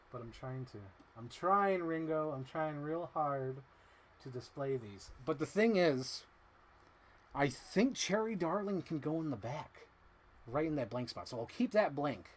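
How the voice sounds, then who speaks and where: A man casually chatting on a live stream, rambling and talking to himself while he arranges things. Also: medium pitch.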